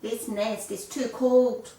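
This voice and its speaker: A woman's voice: on the high side, fairly even intonation, takes it slowly, mellow, pitched above the performer's own voice. A woman voicing a grumpy, whining little male kookaburra chick in a storybook reading. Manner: whining, complaining. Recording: echoey room, voice a bit far off.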